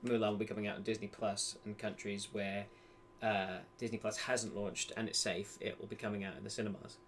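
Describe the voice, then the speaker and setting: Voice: low voice, flat delivery, brisk, fairly bright tone. A co-host in casual chat, weighing things up with hesitant fillers. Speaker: podcast co-host. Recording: faint background noise.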